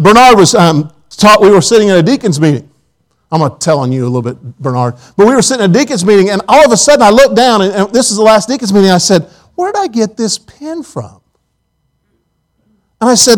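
Male preacher, high voice, folksy anecdotes, church sermon. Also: sing-song, fast talker, low-quality recording. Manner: folksy storytelling with quoted asides. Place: church auditorium.

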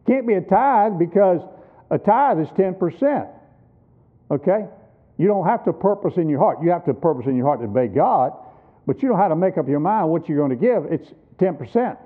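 A man in his sixties preaching a sermon at a missions conference, emphatic and teaching with rhetorical questions. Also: high-pitched. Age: 60s. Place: church. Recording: tinny phone-like sound.

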